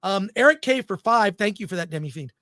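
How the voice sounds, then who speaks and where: A man's voice: high-pitched, expressive, a little fast, bright, forceful tone, no echo, studio quality. A man co-hosting a film podcast in casual, opinionated chat, reading out live chat comments as he goes. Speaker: podcast co-host.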